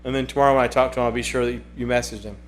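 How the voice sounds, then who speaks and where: A man's voice: mid-range voice, steady tone, fast, a little hiss or hum. A man hosting a casual livestream, chatting and reading viewer comments aloud in a rambling way that often repeats itself. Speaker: livestream host.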